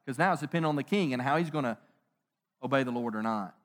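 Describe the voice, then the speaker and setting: A middle-aged man preaching a conversational sermon, animated, joking and asking rhetorical questions. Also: mid-range voice, fast talker. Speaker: pastor.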